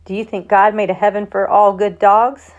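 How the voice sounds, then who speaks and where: A woman voicing a grieving young farm boy who speaks in a quiet, pleading way, in a plain reading of a storybook. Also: mid-range voice, level tone, moderate pace, dull audio, lightly acted.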